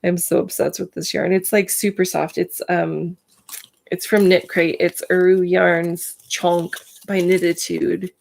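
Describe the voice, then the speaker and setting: A woman's voice: lowish voice, level tone, measured pace, vocal fry, darkish tone. A woman hosting a casual live stream, chatting to viewers by name, full of filler words, and in pain today.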